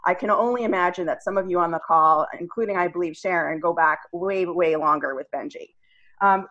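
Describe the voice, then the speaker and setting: A woman's voice: fairly low pitch, low-quality recording. A woman hosting a book party over a video call, introducing guests in a chatty way with frequent ums. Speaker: event host.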